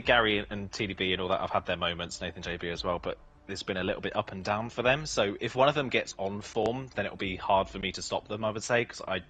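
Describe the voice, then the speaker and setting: Guy with a deep but bright voice chatting after a race, laughs a lot, faint music under it. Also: quick pace, hardly any pauses, low-quality recording. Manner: chatty, laughs between answers. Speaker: racing driver, championship leader. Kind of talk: post-race interview.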